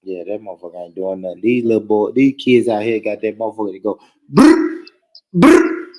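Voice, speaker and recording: A man's voice: fairly low pitch, fast, a little mellow, low-quality recording. A man hosting a podcast in casual chat, loose and joking, swearing and laughing often.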